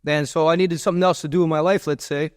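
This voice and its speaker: Rambling man, fairly high voice. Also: steady tone, fast talker, no echo, studio quality. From Miami, USA. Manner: loose, repetitive, with many restarts and fillers. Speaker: podcast guest. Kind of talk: rambling interview storytelling.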